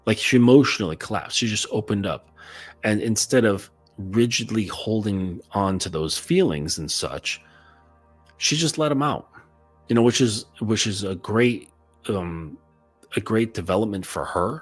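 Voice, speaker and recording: A man's voice: on the low side, animated, measured pace, breathy edge, soft background music. A man acting as a coach, giving a casual instructional monologue in a loose, conversational way and checking in often with "okay?".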